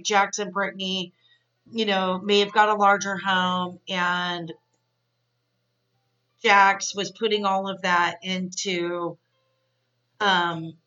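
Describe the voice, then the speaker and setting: A woman's voice: mid-range voice, bright, forceful tone, distant mic, highs cut off. A woman podcast host giving a casual, chatty, opinionated episode recap. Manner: chatty and opinionated, many fillers.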